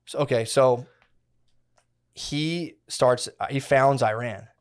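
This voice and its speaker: A man's voice: medium pitch, takes it slowly, clean tone. Rambling, profane young man. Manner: rambling, profane, slangy storytelling with many fillers. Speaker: podcast co-host. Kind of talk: casual podcast chat.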